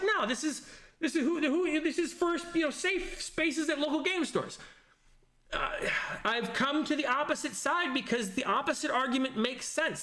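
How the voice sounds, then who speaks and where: A man's voice: very high voice, bright, forceful tone, echoey room. A man casually chatting on a livestream, reading viewer comments and thinking aloud with lots of fillers.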